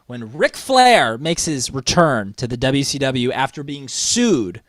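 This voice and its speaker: A man's voice: unhurried, no echo. A man co-hosting a casual wrestling podcast, telling stories with building enthusiasm. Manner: enthusiastic storytelling, rises in pitch when excited. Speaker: podcast co-host.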